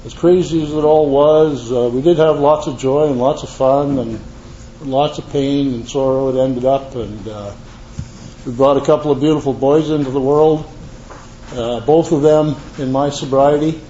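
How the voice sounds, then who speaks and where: A man's voice: mid-range voice, fairly even intonation, moderate pace, mellow. An older man tells his recovery story to a live audience in a rambling, earnest way with folksy asides. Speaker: recovery meeting speaker. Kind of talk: personal testimony to a live audience. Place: meeting room with an audience. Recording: echoey room, dull lo-fi sound, faint hiss.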